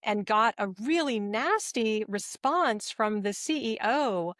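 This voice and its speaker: Measured woman podcast guest. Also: on the high side, animated, a bit bright, dry recording, studio quality. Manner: measured, thoughtful, slows to choose words. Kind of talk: casual podcast conversation.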